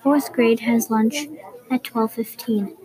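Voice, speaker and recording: A female host reads her own short story aloud in a plain storybook narration. Her voice is somewhat high, and some phrases drift into a soft whisper. A steady crowd murmur runs behind her. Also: takes it slowly, low-quality recording.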